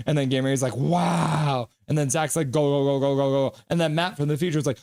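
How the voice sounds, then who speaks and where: Young guy streaming a hockey game, kinda high voice, hyped and goofy, reading chat out loud. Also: fast talker, few pauses. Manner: excitable, reads chat messages aloud in goofy voices. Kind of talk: live reaction stream, reading chat and calling play.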